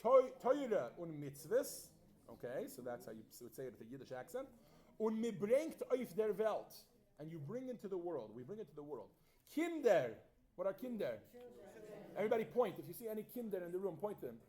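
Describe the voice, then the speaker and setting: A man teaching a Yiddish class in a classroom, lively and quizzing his students as he reads and explains phrases. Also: sits high, fairly quick. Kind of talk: classroom lesson.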